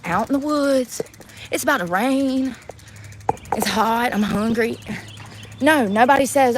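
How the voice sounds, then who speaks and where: A woman vents bluntly in a casual vlog, laughing as she talks. Her voice sits a little high. Faint outdoor noise hums behind her in the woods. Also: a little slow, long pauses. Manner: blunt, ranting, laughs often. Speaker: vlogger.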